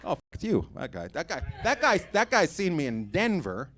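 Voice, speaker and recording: A man doing stand-up comedy, teasing the crowd loudly with crude banter from a club stage. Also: a little high, wildly swooping pitch, normal speed. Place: comedy club stage before a live audience. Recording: live club recording with noise.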